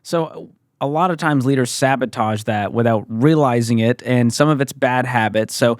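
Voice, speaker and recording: A man's voice: mid-range voice, normal speed, no echo, studio quality. A man hosting a business podcast, upbeat and complimentary as he wraps up an interview. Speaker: podcast host.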